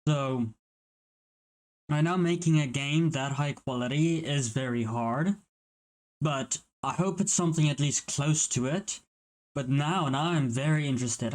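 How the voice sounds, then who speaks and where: A man talks casually over a news clip he's reacting to, his voice a little higher than most. He rambles, loses his thread and swears now and then. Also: a little mellow. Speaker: reaction channel host.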